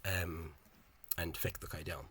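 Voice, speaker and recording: A man explaining spelling in a casual, halting monologue. He is opinionated and often repeats words and fills gaps with hesitations. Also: low-pitched, level tone, bright, forceful tone, a little hiss or hum. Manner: opinionated, dismissive of official spelling. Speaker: language enthusiast explaining spelling.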